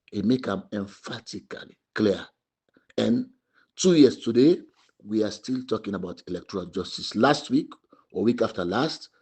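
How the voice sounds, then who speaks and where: A man with a husky Sierra Leonean Krio English accent argues political points with real fire. He keeps hammering the same phrases and often climbs into loud, high bursts of emphasis. His pitch stays middling for a man. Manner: emphatic, repetitive, rising to shouts. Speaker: party spokesman. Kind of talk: impassioned political commentary.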